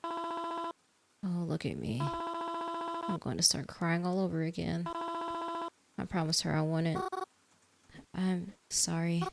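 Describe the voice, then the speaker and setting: A woman's voice: sits low, sing-song, slow, creaky, long pauses, noisy background, heavily acted. A woman voicing a grieving, tearful mother. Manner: soft, mournful, polite. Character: grieving middle-aged mother, gentle, tearful. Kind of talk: reading game dialogue aloud.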